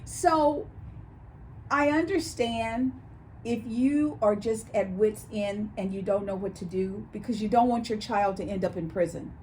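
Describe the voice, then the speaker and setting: A woman's voice: mid-range voice, a little slow, a little hiss or hum. A woman co-hosting a casual chat show, telling stories and acting out quoted voices as she talks. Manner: animated storyteller, acts out quoted voices. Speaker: co-host.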